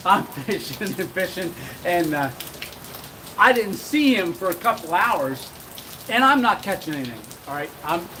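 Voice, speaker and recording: Middle-aged male host, easygoing rambling storyteller, slightly high voice; outdoor camera audio with steady rain noise. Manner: rambling, chuckling, many fillers. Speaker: channel host. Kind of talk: casual live-stream storytelling. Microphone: handheld camera.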